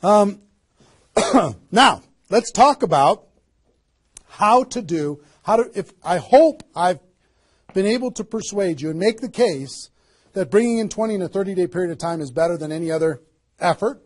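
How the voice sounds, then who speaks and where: A man giving a motivational seminar talk as a network marketing trainer, energetic and emphatic, firing rhetorical questions at a live audience. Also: sits high, normal speed, pauses often.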